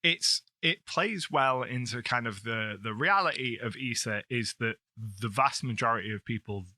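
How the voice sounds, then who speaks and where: Very bright-voiced male podcast co-host. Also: mid-range voice, no echo. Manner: enthusiastic, quick to agree and riff. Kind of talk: casual chat about tabletop games.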